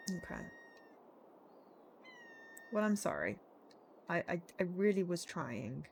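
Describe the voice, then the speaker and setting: A woman, streaming and reading a narrative game aloud, chatty and animated with joking asides. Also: fairly low pitch, slow, vocal fry, long pauses, slight background noise.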